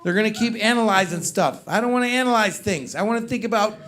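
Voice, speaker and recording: A man doing a stand-up comedy set, telling animated stories and putting on voices for friends. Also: high-pitched, fast talker. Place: comedy club stage with live audience. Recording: loud live crowd laughter. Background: audience laughter.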